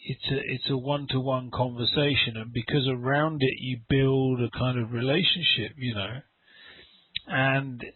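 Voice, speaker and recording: A middle-aged man teaching over a video call, his voice thin and phone-like with a dry, close sound. He rambles, doubles back on his words and slips into little acted-out exchanges. His pitch sits mid-range for a man. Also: fairly even intonation, measured pace, breathy edge, no echo. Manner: rambling, repeats words, acts out little dialogues. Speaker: English teacher. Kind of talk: conversational online English lesson. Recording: dry, tinny call audio.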